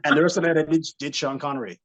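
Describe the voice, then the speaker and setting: A man's voice: on the high side, racing, lo-fi sound, crowd noise. A man from Montreal, a comedian, chatting as a podcast guest and telling stage stories. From Montreal, Canada. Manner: animated storyteller, slips into funny voices and accents. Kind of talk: casual podcast chat with impressions.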